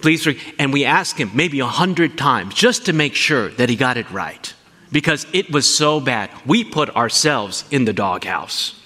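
A man preaching a sermon, animated and asking his listeners questions as he teaches. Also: mid-range voice, unhurried, long reverb tail. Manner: animated, asks the congregation questions. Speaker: pastor.

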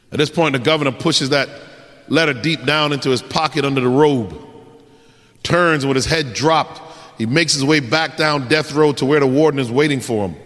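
A man preaching a dramatic sermon, swinging from shouts to hushed endings. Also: medium pitch, moderate pace. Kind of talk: sermon with storytelling. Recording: echoey hall.

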